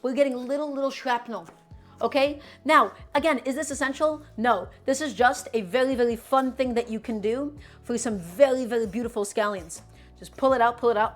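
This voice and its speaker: A young woman talks her viewers through a recipe on a cooking live stream, upbeat and chatty, reading out their comments as she goes. Her voice sits a little high. Soft music plays underneath. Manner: chatty, upbeat, answers chat while cooking.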